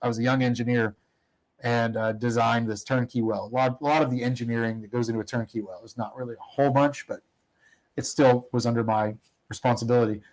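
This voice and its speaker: A man's voice: medium pitch, fairly even intonation, a little fast, darkish tone, poor audio. A middle-aged man talks casually as a guest in an interview. He tells long anecdotes in a loose, rambling way, laughing at himself and often restarting his sentences. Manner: rambling, self-deprecating, many restarts. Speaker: guest, oil company operator.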